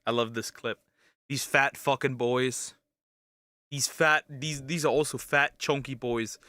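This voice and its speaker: Bright, crude young male streamer. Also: medium pitch, steady tone, measured pace, dry recording, studio quality. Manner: crude, joking, restarts, bursts of yelling. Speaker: streamer reacting to clips. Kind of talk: casual reaction commentary.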